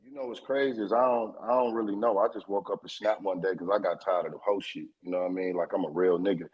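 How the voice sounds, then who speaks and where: A man, a guest in a casual interview, telling a story in a streetwise and profane way, getting more animated as he goes. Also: low voice, quick pace, husky, muffled recording.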